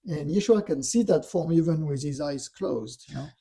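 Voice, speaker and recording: A man telling a spiritual story in relaxed conversation, often adding "you know" and "right". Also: fairly high pitch, moderate pace, vocal fry, husky. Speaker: storyteller guest.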